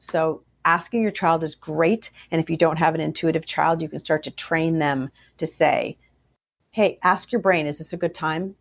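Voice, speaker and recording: A woman psychologist answering interview questions about parenting, animated and acting out the voices of parents and kids. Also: deep voice, moderate pace, vocal fry. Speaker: child psychologist guest.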